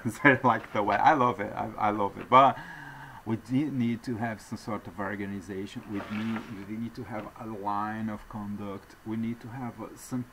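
A man's voice: fairly low pitch, fairly even intonation, normal speed, a bit bright, a little hiss or hum, poor audio. A man with a non-native English accent, talking to viewers in a digressive, earnest monologue with apologetic asides. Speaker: vlogger addressing viewers. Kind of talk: rambling off-the-cuff monologue.

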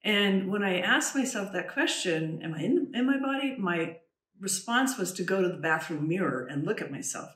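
Woman, interview guest. Earnest, halting storyteller who restarts her sentences and drops to a hush in the eerie parts. Mic is set back, with a roomy echo. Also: mid-range voice, animated, far from the mic. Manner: earnest, halting, with many restarts and "you know"; drops to a hushed voice when recounting the eerie moments. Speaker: trance channel medium, interview guest.

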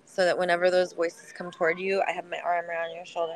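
Gentle, nurturing woman in a heart-to-heart chat. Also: fairly low pitch, monotone, fast, poor audio. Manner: gentle, nurturing, many filler likes.

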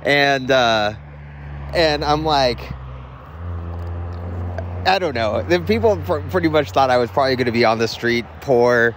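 A man's voice: medium pitch, expressive, measured pace, long pauses, fairly bright tone. Rambling man telling stories outdoors. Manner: rambling and self-deprecating, with frequent restarts and chuckles. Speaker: podcast host. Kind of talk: casual storytelling monologue. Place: outdoors near a road. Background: faint passing traffic.

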